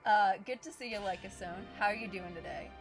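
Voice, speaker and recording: A woman's voice: mid-range voice, fairly quick, soft background music. A woman hosting a live game stream, chatting casually with viewers, laughing often, and explaining the game as she goes. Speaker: streamer host. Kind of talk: casual live-stream chat while gaming.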